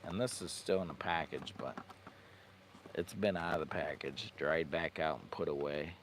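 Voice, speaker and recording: A man's voice: very deep voice, moderate pace, noisy background. A man chatting casually on a livestream from inside his parked car camper, rambling and laughing at himself as he goes through his gear. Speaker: vlogger.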